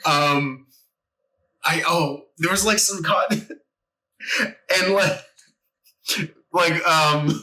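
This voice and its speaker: A young man hosts a casual podcast and tells a rambling story, often breaking into laughter. His voice is bright and sits a bit high. The room gives it a noticeable echo. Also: very slow, long pauses. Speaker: podcast host. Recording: echoey room.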